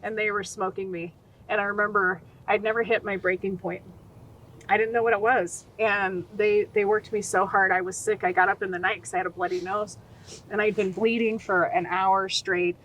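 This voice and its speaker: Woman, forties, from Utah, animated guest storyteller, mid-pitched voice, faint noise behind. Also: moderate pace, low-quality recording. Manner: animated, acts out quoted voices. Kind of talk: storytelling interview.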